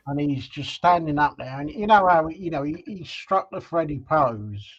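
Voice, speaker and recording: A man's voice: on the high side, animated, moderate pace, dull audio. A man co-hosting a casual chat, talking in hesitant, trailing phrases. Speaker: co-host.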